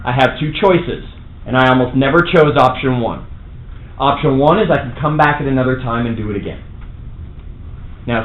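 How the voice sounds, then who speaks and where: New york guy hyping up a seminar crowd, kinda high voice, echoey hall. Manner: brash, punchy, acts out phone calls. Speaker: real estate trainer. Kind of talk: live seminar talk to an audience. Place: large meeting room. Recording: echoey room, faint noise.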